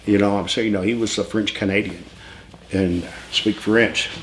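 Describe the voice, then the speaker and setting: A man's voice: lowish voice, steady tone, moderate pace, a bit bright, a little hiss or hum. A man telling wild stories in a casual interview, laughing often, swearing freely and jumping between tangents. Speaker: retired pro wrestler telling stories.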